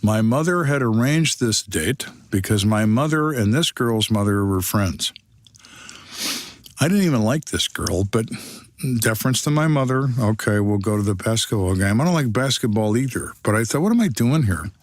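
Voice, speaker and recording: A man's voice: lowish voice, expressive, moderate pace, dry recording. A man in his sixties, a retired detective, telling stories on a podcast in a blunt, dry, wry way. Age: 60s. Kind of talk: storytelling on a podcast.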